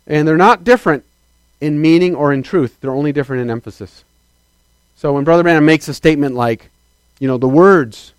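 A man preaching a sermon as a pastor, swinging between loud declarations and quiet asides and calling out to the congregation. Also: fairly high pitch, dry recording. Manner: calls out to the congregation for affirmation.

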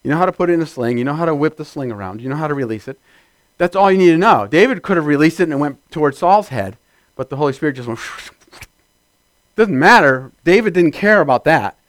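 A man preaching a sermon, building from steady teaching to loud shouted amens. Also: fairly high pitch, fast talker, no room sound. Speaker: pastor.

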